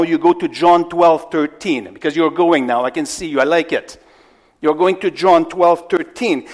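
A man preaching an expository sermon, asking his congregation questions and swinging between loud emphasis and hushed asides. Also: high-pitched. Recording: long hall reverb.

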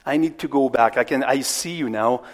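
A man preaching an expository sermon, asking his congregation questions and swinging between loud emphasis and hushed asides. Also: medium pitch, moderate pace. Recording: long hall reverb.

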